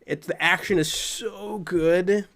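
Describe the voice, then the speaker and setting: Young guy on a podcast hyped about a movie, kinda high voice, cussing and acting out scenes. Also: slow pace. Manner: excitable, profane, acts out scenes. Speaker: podcast co-host. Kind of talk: casual movie review chat.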